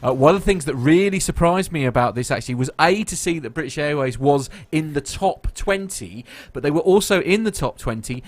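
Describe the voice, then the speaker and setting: Male podcast host, slightly high voice that rises and falls a lot, jokey and quick to laugh. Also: animated. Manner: jokey, laughs often, calls on co-hosts. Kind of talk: casual podcast chat.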